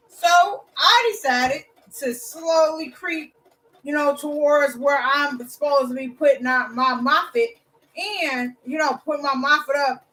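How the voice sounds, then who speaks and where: A woman's voice: sits high, recorded from a distance, rough recording. Blunt, cussing woman telling a story. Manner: blunt, profane, lively. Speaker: vlogger. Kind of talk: casual storytelling to viewers.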